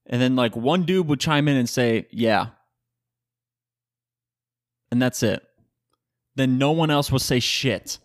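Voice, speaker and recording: Young male podcast host, mid-pitched, loose and chatty, laughs a lot, swears, plays out the voices of people in his stories; dry close sound. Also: no room sound. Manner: chatty, laughs often, swears casually, acts out quoted friends. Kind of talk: casual solo storytelling.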